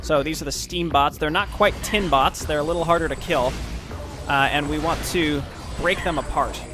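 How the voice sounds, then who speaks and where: A man's voice: on the high side, moderate pace. A man giving casual let's-play commentary, explaining his moves as he plays and sometimes reading game lore aloud. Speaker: gameplay commentator. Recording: game music loud underneath. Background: game music.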